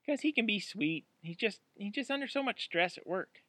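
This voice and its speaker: A man's voice: high voice, lively intonation, normal speed, a bit bright, dry recording, voice pushed up. Man putting on an upset young woman. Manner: anxious, pleading.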